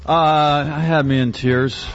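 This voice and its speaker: A man co-hosting a radio show, laid-back, tossing in quick reactions and quips, on a dull lo-fi broadcast. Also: on the high side, steady tone, faint music behind. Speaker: radio co-host. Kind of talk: casual radio chat.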